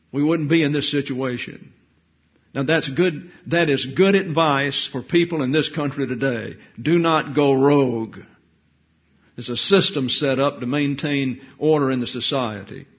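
Male Bible teacher, husky tone, emphatic and deliberate, dull lo-fi recording. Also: medium pitch. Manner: deliberate, emphatic, reads scripture aloud. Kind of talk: sermon-style Bible study.

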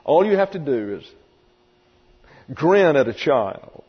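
A pastor's husky, rather high voice swings widely in pitch as he slowly preaches an expository sermon. His manner is emphatic and vivid, with occasional acted-out voices for quotations, and the recording has hall reverb, a dull lo-fi quality, and mains hum.

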